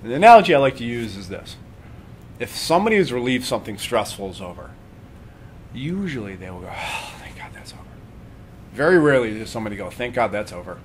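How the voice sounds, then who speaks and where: A man leading a live workshop on breathing and meditation, talking calmly and conversationally and often checking in with his listeners. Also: lowish voice, a little hiss or hum. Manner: calm, conversational, checks in with "right?".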